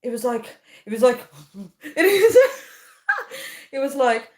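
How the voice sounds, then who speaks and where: A young woman chatting casually to viewers, ranting in an animated way and laughing often. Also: high voice, a little slow. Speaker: vlogger.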